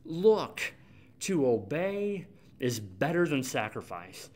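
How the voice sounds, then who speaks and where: A man preaching who reads a prophet's rebuke to a king in a stern, measured voice. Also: mid-range voice, very animated, darkish tone. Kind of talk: sermon scripture reading.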